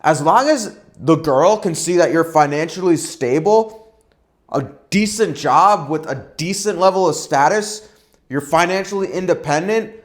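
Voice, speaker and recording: A young man talks straight to camera as a dating coach, in a slightly high voice. He is blunt and emphatic, listing problems in quick runs and ending his points with "right?" or "all right?". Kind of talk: direct-to-camera advice vlog.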